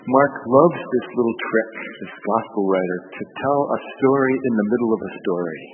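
A man's voice: medium pitch, normal speed, faint music behind. A man preaching a sermon, telling the story with animation and acting out the voices of the people in it. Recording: phone-like broadcast with long hall reverb.

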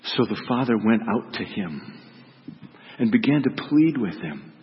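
A man's voice: lowish voice, big pitch swings, a little slow, in a large hall, dull audio, a little hiss or hum. A man reading a gospel story aloud as a priest and then preaching on it, voicing its characters dramatically.

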